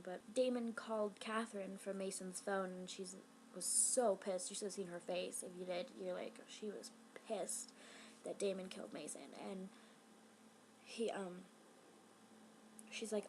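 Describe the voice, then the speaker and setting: A woman's voice: medium pitch, normal speed, slight background noise, rough recording. Rambling, emotional woman vlogger. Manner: rambling, excitable and emotional, with lots of "like" fillers. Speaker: TV episode reviewer. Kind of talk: casual vlog review.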